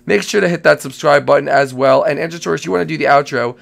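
A man hosting a Minecraft role-play comedy video, excitable, who keeps exclaiming and repeating himself. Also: a little high, quick pace, vocal fry. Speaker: channel host and Minecraft role-play player.

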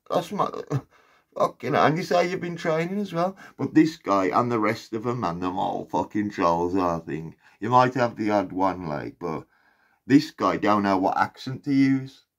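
A man ranting to his viewers, blunt and sweary, repeating himself and asking rhetorical questions. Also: mid-range voice. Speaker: commentary vlogger. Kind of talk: casual rant to camera.

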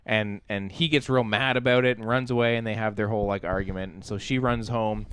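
A man's voice: fairly low pitch, fairly quick, smooth. Rambling man retelling a film. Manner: rambling, heavy use of "like" and restarts; animated, incredulous retelling. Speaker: podcast co-host reviewing a film. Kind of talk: casual chat.

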